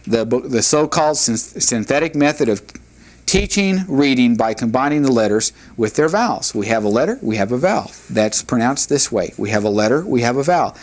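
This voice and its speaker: A man teaching a recorded language lesson, explaining step by step in a measured way with frequent "uh" pauses. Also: medium pitch, animated. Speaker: Hebrew teacher. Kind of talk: recorded classroom lecture.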